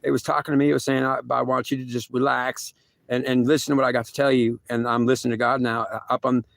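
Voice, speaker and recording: A man's voice: mid-range voice, flat delivery, quick pace, gravelly, fairly bright tone, no room sound. A man telling a rambling first-person story, repeating himself and filling with "like" and "literally.".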